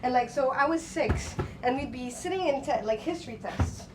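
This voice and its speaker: A woman's voice: sits high, lively intonation, moderate pace, over music. A young Portuguese woman, not a native English speaker, doing a profane, casual stand-up set with laughing asides and lots of fillers. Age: young adult. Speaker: stand-up comedian. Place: small comedy club stage. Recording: distant mic, loud room noise.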